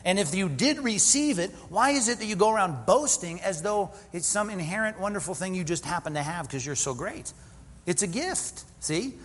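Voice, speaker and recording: A man preaching a sermon with a lively, swinging delivery and a slightly raised pitch. He keeps it conversational and self-deprecating, tossing rhetorical questions at the room. His voice rings with long reverb, and faint ambience sits behind it. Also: normal speed. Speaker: pastor.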